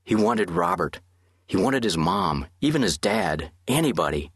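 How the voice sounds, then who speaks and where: A man narrating an audiobook in steady, measured scripted narration. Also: on the low side, vocal fry, husky, no room sound, studio quality.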